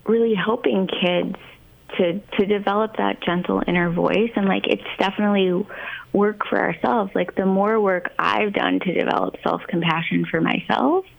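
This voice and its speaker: A woman speaking as a child therapist guest in a casual podcast conversation, thoughtful and unhurried, with many ums and you-knows. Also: mid-range voice, fairly even intonation, creaky, poor audio.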